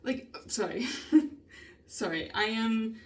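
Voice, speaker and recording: A woman venting in a casual vlog, upset and emotional, frustrated and swearing a lot with halting ums. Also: fairly high pitch. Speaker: vlogger. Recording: voice a bit distant from the mic.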